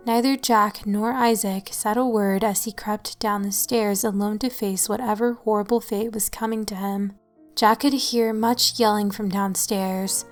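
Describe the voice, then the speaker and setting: Woman narrating a horror story. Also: mid-range voice. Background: faint music.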